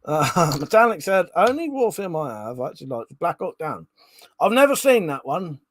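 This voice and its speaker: Chatty sweary man, lively pitch. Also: moderate pace, dry recording. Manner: swears freely, reads chat messages aloud. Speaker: streamer. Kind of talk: casual live-stream chat.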